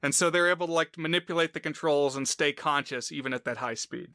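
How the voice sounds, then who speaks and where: A man's voice: fairly high pitch, fast talker, pushed and bright, no room sound. A man chatting casually on a film podcast, explaining plot points in a rambling way with lots of fillers. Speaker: podcast co-host.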